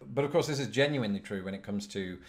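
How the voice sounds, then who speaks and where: Low-voiced British man, dry and articulate. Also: animated, fast talker. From Britain. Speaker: video presenter. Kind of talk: scripted presenting with dry humour.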